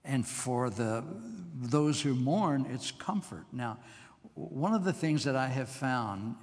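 An older man preaching a sermon in a conversational, musing way, with asides and soft chuckles. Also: mid-range voice, animated, slow, big-room sound.

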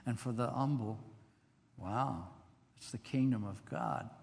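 An older man preaching a sermon in a conversational, musing way, with asides and soft chuckles. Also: medium pitch, a little slow, creaky, in a large hall.

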